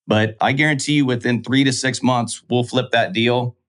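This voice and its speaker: A man's voice: mid-range voice, moderate pace. A man, a real estate investor guest, telling a business story in casual talk and acting out the voices of the people in it. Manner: animated, acts out quoted dialogue.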